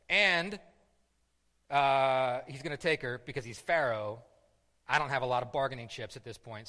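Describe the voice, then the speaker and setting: Lively preacher man in an echoey hall. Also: mid-range voice, a little slow, pauses often. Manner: lively storytelling, asks "right?" often, stumbles and restarts. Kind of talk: sermon. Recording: echoey hall with long reverb.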